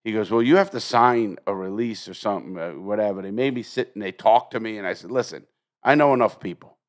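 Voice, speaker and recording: A man's voice: fairly low pitch, quick pace. An older American man hosting a podcast, telling stories bluntly with lots of swearing and acting out what others said. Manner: profane, blunt storyteller acting out quoted dialogue. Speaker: podcast host. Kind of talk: casual chat, storytelling.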